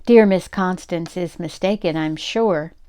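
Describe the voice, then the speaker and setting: Proper, soft-spoken storybook butler, low and unhurried, read by an older woman. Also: clean tone, natural voice. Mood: polite. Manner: calm, formal, soft-spoken. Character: proper, polite English butler man.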